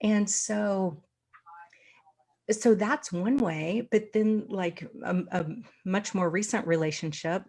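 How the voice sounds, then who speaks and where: A woman's voice: mid-range voice, takes it slowly, a little mellow. A woman coach talking in an earnest, reflective way, often laughing lightly mid-thought. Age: adult with a daughter. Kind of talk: casual conversation.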